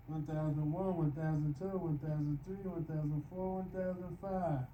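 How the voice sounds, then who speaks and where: A man's voice: a little high, steady tone, moderate pace, few pauses, warm tone, echoey room, far from the mic, slight background noise, rough recording. A man narrating his knee rehab workout in a casual vlog, counting reps aloud while straining with effort on the floor. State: exerting himself. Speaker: vlogger doing knee rehab exercises. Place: home room, lying on the floor.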